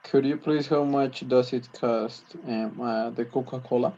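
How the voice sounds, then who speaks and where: A man's voice: medium pitch, steady tone, measured pace, dark tone, dull audio, slight background noise. Hesitant man practicing English requests. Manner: hesitant, restarts, searches for words. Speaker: English student.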